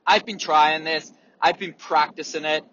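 A runner talks straight to camera in a casual, sweary monologue, now and then acting out gasps and wheezes. His voice sits a little high and sounds bright and forceful. The recording is slightly dull, with faint room ambience underneath. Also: fairly even intonation, unhurried, slight background noise. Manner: candid, swears freely, demonstrates breathing sounds.

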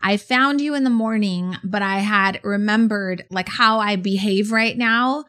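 A woman's voice: medium pitch, a little slow, sharp tone. A middle-aged woman co-hosting a podcast, earnestly telling personal stories in conversational chat. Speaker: podcast co-host. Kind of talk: conversational storytelling.

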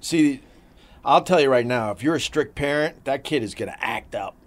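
A middle-aged man in a loose, profane podcast chat, speaking at an ordinary pitch. He tells family stories and breaks into loud bursts of laughter. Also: expressive, moderate pace. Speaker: podcast co-host. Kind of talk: casual chat.

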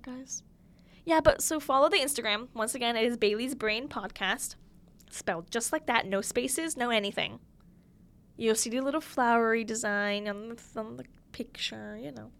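A young woman hosting her own podcast alone in a small studio, chatting casually and gushing, swinging between loud bursts and soft near-whispers. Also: a little high, normal speed, creaky. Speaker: podcast host. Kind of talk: casual solo podcast chat. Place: small studio room with a window.

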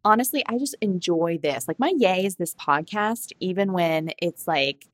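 A woman's voice: on the low side, animated, moderate pace, no room sound. Giggly, rambling woman podcast co-host. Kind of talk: casual chat.

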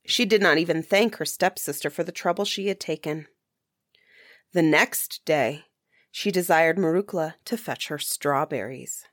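A woman reads a fairy tale in a slow, measured way, lingering over each phrase. Her voice sits on the low side and sounds close and dry, with no room around it. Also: a bit bright, dry recording. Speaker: storyteller. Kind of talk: storybook reading.

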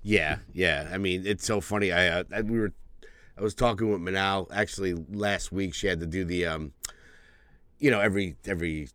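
A man co-hosting a casual podcast, joking loosely and quick to laugh. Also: low-pitched, a bit bright, no echo. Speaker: podcast co-host. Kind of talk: casual banter.

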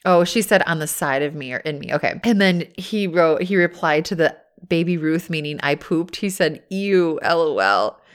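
A woman's voice: low voice, normal speed, few pauses. A woman co-hosting a podcast in casual chat, reading out listener messages and reacting with frank, crude humor and frequent laughter. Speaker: podcast co-host.

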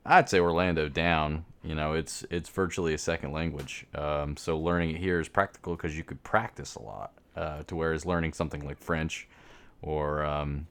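A man co-hosting a podcast, talking in a relaxed, rambling way full of hedges. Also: rumbling low, normal speed. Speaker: podcast co-host. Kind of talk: casual chat.

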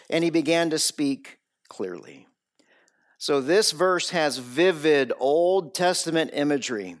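An emphatic male preacher walks his listeners through a sermon. His voice sits a little higher than most men's, and he stacks repeated phrases and rhetorical questions to drive each point home. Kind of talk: expository sermon.

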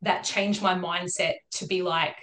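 A woman's voice: fairly low pitch, flat delivery, a little slow, a bit bright. A pregnant woman with an Australian accent, a podcast guest talking casually, laughing often and acting out what people said. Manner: chatty, laughs often, acts out quoted talk. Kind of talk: casual chat. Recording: echoey room.

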